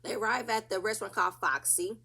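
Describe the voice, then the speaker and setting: A woman's voice: medium pitch, fast talker, creaky, pushed and bright, husky. A woman casually recapping a reality TV episode, chatty and opinionated, acting out what the cast said.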